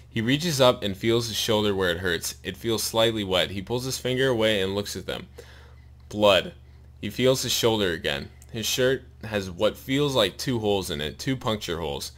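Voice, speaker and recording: A man reading a long story aloud in a steady narrating voice, his mouth sore and bleeding after a wisdom tooth removal. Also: lowish voice, normal speed. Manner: steady read-aloud narration with pained asides.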